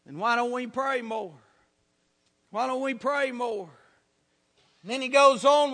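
A preacher delivers an old-time revival sermon, falling to near-hushed pleading and then rising to shouts. His voice is very high and bright. It echoes with the long reverb of a church hall.

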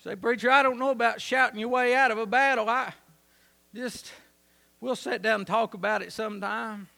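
A man preaching a sermon, telling a story and building to loud, emphatic peaks. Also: very high voice, fairly even intonation, moderate pace, vocal fry.

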